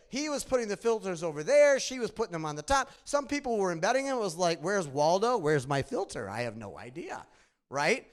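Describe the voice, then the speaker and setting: Middle-aged midwestern guy giving a conference talk, nasal, pretty high pitched, tells stories and quizzes the crowd. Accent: Midwestern American. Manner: animated storytelling, asks the audience questions. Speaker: conference presenter. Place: conference room.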